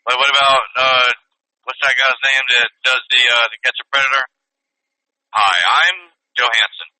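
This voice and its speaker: Man, podcast co-host, sarcastic, teasing, very bright tone, dry sound. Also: mid-range voice, flat delivery, fairly quick, dry recording. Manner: sarcastic, teasing, laughs at own jokes. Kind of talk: casual banter. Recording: dry, phone-like call audio.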